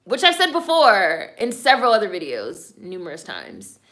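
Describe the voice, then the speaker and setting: Blunt, bright-voiced woman ranting casually. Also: medium pitch, wildly swooping pitch, normal speed. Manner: blunt, opinionated, frequently swearing; loose talk full of fillers like "like" and "y'all". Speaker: streamer reading viewer comments. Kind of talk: casual live-stream commentary.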